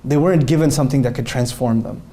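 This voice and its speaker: A man's voice: mid-range voice, fast, warm tone. A man answering interview questions, speaking earnestly and animatedly and telling stories with quoted dialogue.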